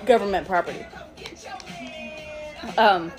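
A woman's voice: medium pitch, slow, faint music behind, some chatter behind. A young woman hosting a casual podcast, telling stories animatedly with frequent swearing and laughter. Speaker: podcast host. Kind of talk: casual chat.

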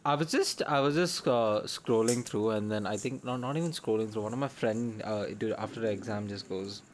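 A young man in casual chat with friends, excitable, often laughing and restarting his sentences. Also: lowish voice, brisk, a little hiss or hum.

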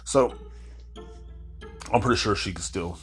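A man in his thirties with a very low voice tells a story on his podcast. He rambles loosely, stacking swear words and "you know what I'm saying" asides. He sounds tired. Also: measured pace, faint music behind. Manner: rambling, heavy swearing, frequent filler asides. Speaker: podcast host. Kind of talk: casual storytelling monologue.

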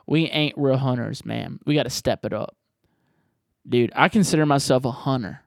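A man's voice: medium pitch, normal speed, creaky, no room sound, studio quality. A man hosting a podcast, answering voicemails in a rambling, profane, jokey way. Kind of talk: casual podcast chat.

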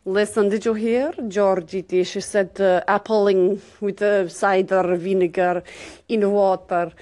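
A woman's voice: mid-range voice, level tone, slow, dark tone, no echo, natural voice. A woman voicing a brash, sly Russian woman radio host who brags about taking from men. She speaks broken English mixed with Russian words in a theatrical way. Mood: scheming.

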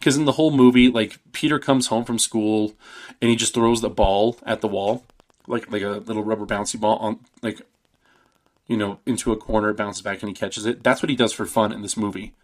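A man's voice: fairly low pitch, fairly even intonation, a little fast. A man hosting a podcast, casually retelling a horror film in a loose, rambling way full of "like" and "um". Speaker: podcast host. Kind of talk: casual movie recap.

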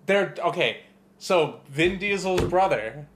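A man's voice: a little high, slow, a little hiss or hum. Profane rambling man, casual chat. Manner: profane, rambling, animated storytelling. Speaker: podcast co-host.

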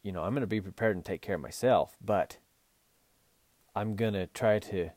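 Speaking at a normal pace with a fairly low, darkish voice and no echo, a Utah man hosts a podcast. He's a horse and mule trainer coaching riders earnestly, restarting his sentences often.

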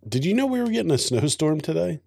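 A man's voice: a little high, big pitch swings, quick pace, creaky, a little mellow, husky, no room sound. Laid-back man with dry humor. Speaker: podcast co-host. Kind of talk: casual chat over beer.

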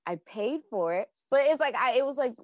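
A woman's voice: sits high, lively intonation, fairly quick, darkish tone, no echo. A young adult woman telling a personal story casually and with animation, acting out her own reactions and using many fillers. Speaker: class participant sharing a dream.

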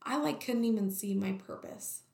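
In an echoey space, a woman recounts her own experiences in conversation, speaking at normal speed. Her medium-pitched voice is gravelly yet a little mellow, and her candid delivery is packed with "like" fillers.

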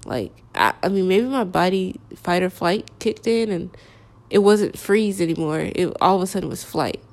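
Young woman, candid storytime talk with creaky fry. Halting delivery, lots of fillers. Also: fairly low pitch, lively intonation, darkish tone. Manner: halting, hesitant, full of "like" fillers.

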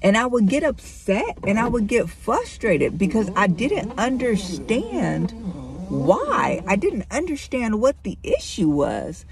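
A woman's voice: fairly high pitch, huge pitch swings, slow, a crowd in the background. A middle-aged woman speaking candidly and conversationally to her listeners, sharing a personal faith testimony. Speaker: Christian vlogger.

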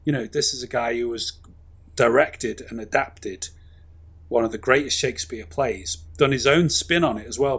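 A man's voice: mid-range voice, a bit bright, slightly rough. A man, chatting casually about films in a rambling, enthusiastic way with plenty of fillers. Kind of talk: casual film chat.

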